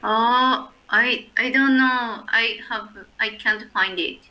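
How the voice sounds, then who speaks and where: A woman with a Japanese accent speaks hesitantly, often searching for her words. Her voice is bright and clear, and she drops in short murmurs of agreement as she listens. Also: on the high side, fairly even intonation, takes it slowly, poor audio. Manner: hesitant, many short backchannels. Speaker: Japanese teacher learning English. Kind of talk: casual chat.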